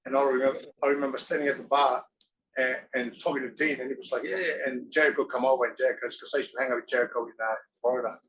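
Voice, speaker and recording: Man, rambling interview guest, animated storyteller, average pitch. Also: rapid-fire, highs cut off, crowd noise. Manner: rambling, animated, acts out quoted voices. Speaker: interview guest, former wrestler and actor.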